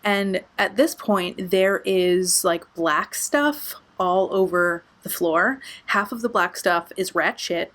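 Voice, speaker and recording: A young woman vlogger telling a storytime tale in a lively, expressive way, swearing freely. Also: lowish voice, takes it slowly, few pauses. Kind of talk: storytime vlog.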